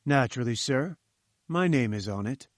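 A man's voice: mid-range voice, lively intonation, normal speed, dry recording, clean studio sound, lightly acted. A man reading an audiobook, voicing a polite, deferential young man answering questions.

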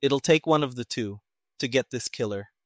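A man doing a relaxed army captain who talks quietly and in a measured way. the audiobook is read in a dry room with no reverb. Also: mid-range voice, lightly acted.

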